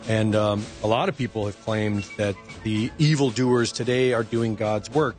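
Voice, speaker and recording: A man's voice: on the low side, steady tone, normal speed, darkish tone, soft background music. A man speaking as a talk show guest, reflective and hesitant, with many ums and uhs. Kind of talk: casual political talk.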